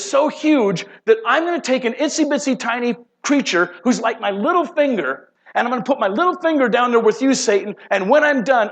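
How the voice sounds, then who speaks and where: A man voicing God in a sermon, booming and taunting a fallen enemy. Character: mighty male God taunting his fallen foe.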